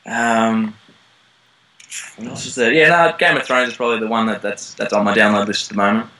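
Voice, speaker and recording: An Australian man, a young actor, chatting casually in an interview, relaxed and rambling with lots of ums. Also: lowish voice, fairly quick, poor audio. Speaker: actor guest. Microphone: call line.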